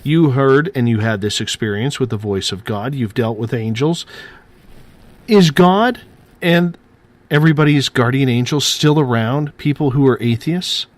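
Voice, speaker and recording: Male talk radio host, mid-pitched, dry and close, short questions. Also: measured pace, no room sound. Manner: brief reactions and questions.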